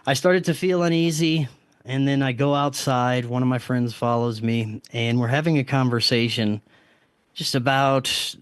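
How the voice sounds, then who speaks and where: A man with a clear, resonant, mid-range voice and fairly even intonation speaks at a moderate pace, with no room sound. As a podcast guest in a casual interview, he earnestly retells a strange experience, restarting sentences and quoting what he said to himself.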